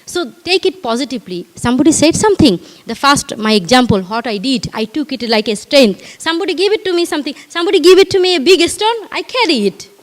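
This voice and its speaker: A woman's voice: high-pitched, big pitch swings, fast, hardly any pauses. A middle-aged woman from Bangladesh with a Bangladeshi accent, speaking as a parenting coach at a live community event. She talks emphatically, with repeated rhetorical questions.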